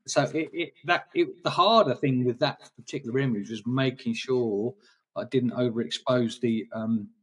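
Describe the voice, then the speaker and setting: Rambling English photographer, distant mic. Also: male voice, mid-range voice, moderate pace. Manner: rambling, hesitant with many restarts. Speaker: guest photographer. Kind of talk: casual interview chat.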